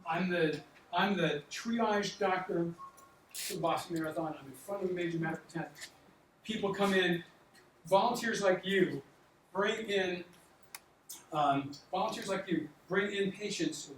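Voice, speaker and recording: Older male doctor, sixties, animated storyteller who acts out dialogue; distant mic in a reverberant hall. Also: high voice, measured pace, long pauses, slight background noise. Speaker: doctor giving a talk to students. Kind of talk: storytelling talk. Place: large lecture hall.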